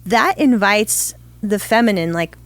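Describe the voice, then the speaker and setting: A podcast co-host in a casual chat speaks earnestly and affirmingly, working out her thoughts through restarts and fillers. Her mid-range voice is expressive and unhurried, with no echo.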